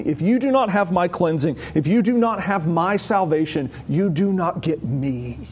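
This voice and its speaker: A male pastor delivering a sermon with an animated, wry manner. His voice sits high and swings widely in pitch, and he laughs now and then as he explains. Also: normal speed, few pauses, husky.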